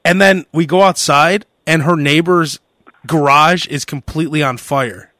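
A young man hosting a casual podcast, telling a story in a lively way and acting out the shouting of the people in it. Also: a little high, measured pace, dry recording, clean studio sound. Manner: animated storyteller who acts out shouted quotes. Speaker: podcast host.

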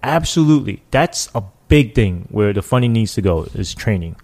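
Speaking at a normal speed with a somewhat low voice, a man who once served as a cop shares stories during a relaxed interview. He brings the people he quotes to life with lively impressions full of casual slang.

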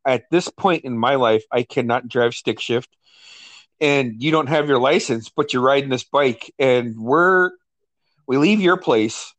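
A man in his forties hosting a casual chat, swearing freely and retelling old stories with lively quoted lines. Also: mid-range voice, a little slow, dry recording. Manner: profane, animated when retelling stories, lots of quoted voices. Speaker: podcast host.

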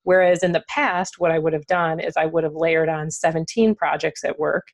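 Candid, lower-pitched woman author guest. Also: fairly even intonation, moderate pace. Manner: candid, laughs often, many fillers. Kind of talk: conversational interview.

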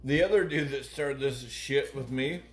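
A man's voice: medium pitch, moderate pace. A man co-hosting a podcast in casual chat, joking, teasing and swearing freely among friends. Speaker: podcast co-host. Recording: roomy echo.

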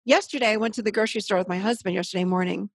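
A middle-aged woman guest explaining emotions in a conversational, animated way, acting out inner voices as examples. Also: medium pitch, rapid-fire, husky, dry recording, clean studio sound. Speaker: guest therapist.

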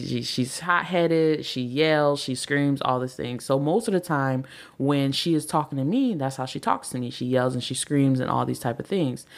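A woman's voice: extremely low pitch, gravelly. A woman in her thirties hosting a podcast, talking casually about family and marriage, full of "like" and "right?", acting out quoted lines. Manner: chatty, repeats "like" and "right?", acts out quotes. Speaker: podcast host. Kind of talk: casual advice talk.

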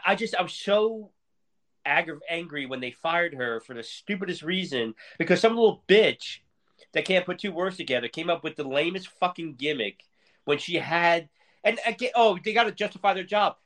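A man's voice: a little high, a bit bright. Heated, profane man ranting. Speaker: podcast co-host. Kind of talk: casual profane rant.

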